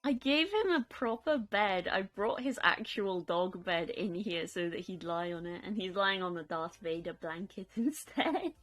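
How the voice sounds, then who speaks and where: A woman's voice: medium pitch, animated, a little slow, hardly any pauses, fairly bright tone, soft background music. A young woman chatting casually on a live stream, giggling often and reading out chat. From United Kingdom.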